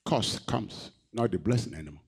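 A man preaching a sermon, reading scripture and asking the congregation questions, moving between loud, raised emphasis and quiet, low delivery. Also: expressive, normal speed, creaky, husky. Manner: asks the congregation rhetorical questions.

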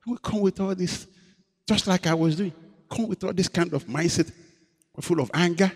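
A man, a pastor preaching a sermon in a dramatic storytelling way, moving between loud emphasis and hushed confession. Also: high-pitched, expressive, brisk. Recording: long hall reverb.

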